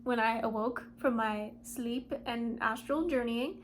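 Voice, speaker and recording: A young woman talking to camera from her home in a dreamy, soul-searching confessional, swinging from hushed asides to excited outbursts. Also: fairly high pitch, measured pace, a little hiss or hum. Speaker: vlogger. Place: at home, seated.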